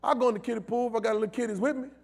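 A man preaching a sermon in a call-and-response style, building from low asides to loud shouted calls, with speech. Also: fairly even intonation, racing, vocal fry.

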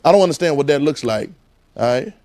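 A man's voice: fairly high pitch, lively intonation, fast talker, darkish tone. Southern man preaching a call-and-response sermon. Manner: conversational call-and-response preaching, coaxing the audience.

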